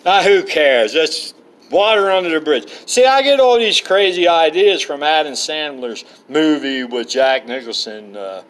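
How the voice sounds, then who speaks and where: A middle-aged man spins loose, meandering yarns from a campsite, slipping in asides and frequent uhs. His voice sits a touch higher than most men's. He keeps it casual and colloquial. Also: lively intonation, a little slow, poor audio. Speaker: vlogger. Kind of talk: rambling personal storytelling. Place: outdoors at a campsite.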